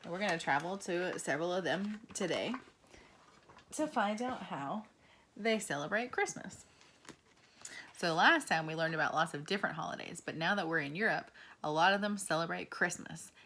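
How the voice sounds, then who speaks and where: Woman, young adult, kids' teacher; low-pitched, slow and encouraging, faint noise under her voice. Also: lively intonation, pushed and bright. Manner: slow, encouraging, asks children questions. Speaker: preschool teacher. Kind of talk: children's lesson.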